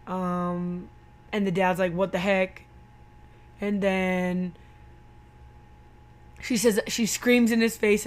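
A woman's voice: medium pitch, flat delivery, takes it slowly, long pauses. A woman chatting casually about a movie she watched, retelling scenes and quoting the characters' lines. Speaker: movie commentator. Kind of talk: casual movie recap chat.

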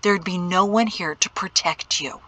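A woman voicing a stern, hushed father. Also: a little slow. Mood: tense. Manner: tense, low, often hushed or whispered. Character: stern worried father, middle-aged man. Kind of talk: audiobook character reading.

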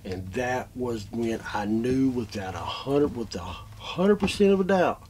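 A man's voice: mid-range voice, unhurried. Brief: male eyewitness, middle voice, emotional retelling with a faint background hum. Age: adult, a father. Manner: animated, repeats himself, swings from loud to hushed. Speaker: eyewitness interviewee. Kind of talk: emotional first-person retelling.

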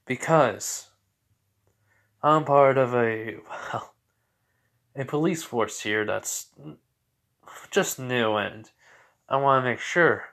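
A man voicing a calm young male hero who speaks flatly and with quiet menace. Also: medium pitch, slow pace, pauses often. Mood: cold.

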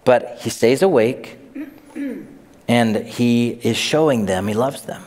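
A middle-aged man preaching a sermon as a pastor, telling stories in an animated way and acting out the voices he quotes. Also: medium pitch, slow. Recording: long hall reverb.

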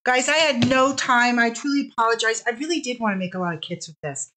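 A woman's voice: on the high side, fast talker, fairly bright tone, low-quality recording. A woman hosting a live-streamed fabric sale, chatting casually, gushing over the fabrics and apologizing often.

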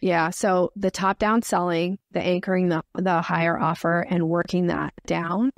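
A woman speaks as a sales expert in a podcast interview, her voice carrying a slightly gravelly fry. She explains with lively bits of acted-out client dialogue. The sound is dry and close, with no room around it. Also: on the low side, normal speed, no room sound. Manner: energetic, explains with role-played sales dialogue.

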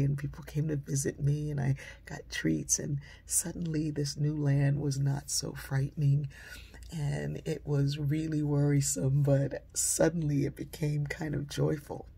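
Very husky, gravelly woman telling a story. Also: low-pitched. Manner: conversational, drops to a hush for quoted lines. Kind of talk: personal storytelling.

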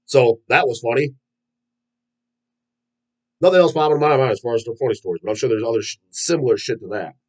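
A man's voice: mid-range voice, quick pace, long pauses, darkish tone, husky, poor audio. A man casually ranting and telling rambling, profane stories, full of fillers and restarts. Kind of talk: casual rant about metal.

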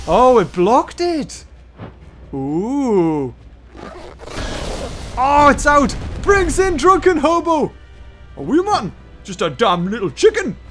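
Man, game commentary, enthusiastic, high voice, faint music behind. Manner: enthusiastic, play-by-play like a sportscaster. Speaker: gaming YouTuber. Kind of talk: excited mobile game commentary.

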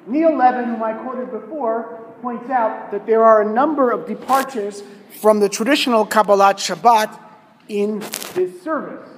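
High-voiced man lecturing in an echoey hall. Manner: explanatory, with pauses and self-corrections. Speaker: pre-concert lecturer. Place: concert hall. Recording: echoey hall, dull lo-fi sound, faint noise.

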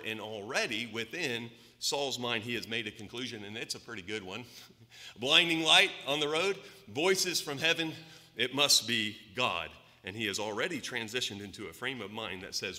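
Bright-voiced American preacher in a reverberant church. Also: male voice, medium pitch, lively intonation, normal speed. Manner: emphatic, rhetorical questions, swings loud and soft. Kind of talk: sermon. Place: church sanctuary. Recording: long reverb of a church hall.

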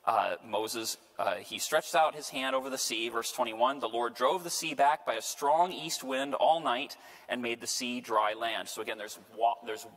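Male priest lecturer, casual teaching tone, mid pitch, reverberant hall. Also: moderate pace, fairly bright tone. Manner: conversational, checks in with "right?". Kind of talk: Bible study lecture. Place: parish lecture room.

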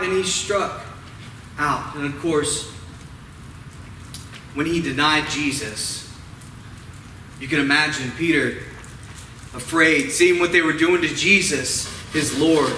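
A man preaching a sermon, stressing words and letting phrase ends drop soft and low. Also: a little hiss or hum. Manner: dramatic, drawn-out emphasis with falling, softening phrase ends. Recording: roomy echo, mic at a distance, faint ambience.

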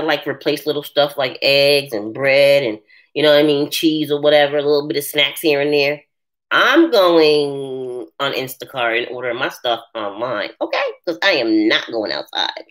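A woman hosting a casual live chat, answering viewers' comments in an animated way and laughing often. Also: very deep voice, normal speed. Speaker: live stream host.

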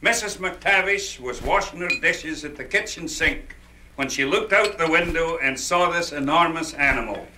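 A man's voice: a little high, normal speed, pushed and bright, slight background noise, rough recording. A man telling pub jokes on a party record, chuckling and acting out the characters in each story.

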